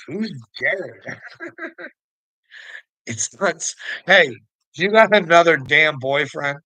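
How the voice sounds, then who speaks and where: A man's voice: a little high, lively intonation, takes it slowly, pauses often, bright, forceful tone, no echo, poor audio. A man delivering a profane, taunting rant to the camera, often breaking into laughter. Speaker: online commentator. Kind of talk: ranting monologue to camera.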